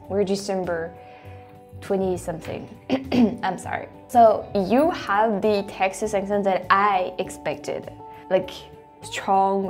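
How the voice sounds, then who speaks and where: A chatty woman with a French accent, a native French speaker, hosts a casual reaction video. She talks at a middle pitch, laughing easily and restarting her sentences, with faint music underneath. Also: darkish tone. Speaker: host.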